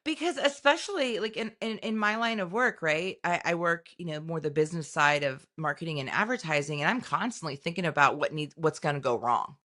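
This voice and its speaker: A middle-aged woman co-hosting a podcast, chatting casually and telling animated stories with sudden high-pitched acted-out moments. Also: a little fast, few pauses. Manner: animated storytelling, jumps into high excited voices when acting out scenes. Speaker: podcast co-host. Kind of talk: casual chat.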